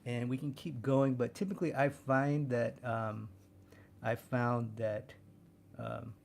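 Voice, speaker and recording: A man with a gravelly edge to his voice talks through a drawing demonstration as he works. He thinks aloud and often repeats words while the pencil moves. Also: medium pitch, steady tone, takes it slowly, a little mellow, a little hiss or hum. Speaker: drawing instructor.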